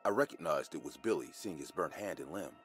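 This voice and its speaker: A man telling a first-person horror story as scripted, expressive narration. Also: a bass voice, fairly quick, soft background music.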